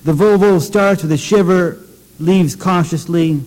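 A man with a notably high voice reads his poems in a wry, measured way, breaking into casual asides. The sound hangs in a long hall reverb. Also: a little mellow. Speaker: poet. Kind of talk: poetry reading.

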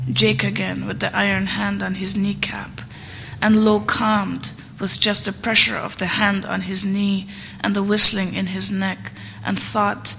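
Woman reading a story aloud, flat steady delivery, gravelly voice, long hall reverb. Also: mid-range voice, a little hiss or hum. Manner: measured and rhythmic. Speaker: reader. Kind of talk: reading literary fiction aloud.

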